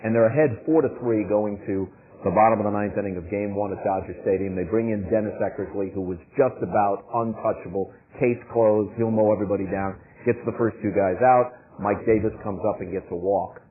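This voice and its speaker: A male sportscaster on a panel, telling anecdotes in a measured way that builds suspense. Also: fairly low pitch, steady tone. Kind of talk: storytelling anecdotes at a forum. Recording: tinny phone-like sound.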